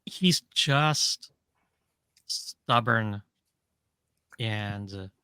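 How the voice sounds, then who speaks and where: Passionate bright-voiced man ranting. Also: fairly low pitch, very slow, clean tone, dry recording. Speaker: podcast co-host. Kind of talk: casual chat.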